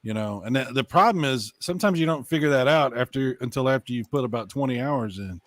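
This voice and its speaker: A man chatting as a podcast co-host, animated and loose, now and then swearing. His voice sits mid-pitch. It comes across dry and close to the mic, with no room around it. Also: quick pace, no room sound. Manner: animated, swears freely, talks over others. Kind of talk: casual chat.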